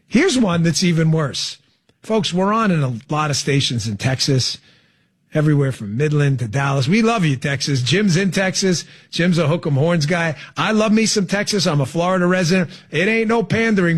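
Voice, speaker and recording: A man hosts political talk radio with sarcasm and heavy emphasis. His voice sits high for a man and swings widely in pitch, with a husky grain. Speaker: radio talk show host.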